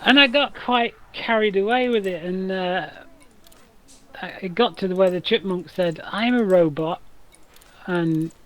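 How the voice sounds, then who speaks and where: A man with a rough, damaged voice, chatting casually as a streamer while gaming, rambling through stories with many restarts. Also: high-pitched, normal speed, a bit bright, low-quality recording.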